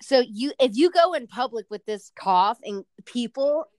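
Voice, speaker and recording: A young woman chats casually as a podcast co-host, quick to laugh and full of asides. Her voice sits a little high. The recording is dry and close. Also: animated, darkish tone, no echo. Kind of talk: casual chat.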